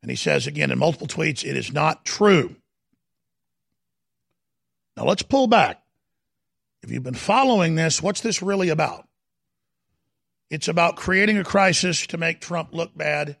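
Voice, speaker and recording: Guy hosting a talk show in a studio, fired up political rant, super gravelly raspy voice, hammers every point, dry close sound. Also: on the high side, animated, no room sound. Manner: emphatic, dramatic, swings from slow deliberate stresses to shouting. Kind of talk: heated political commentary. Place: broadcast studio.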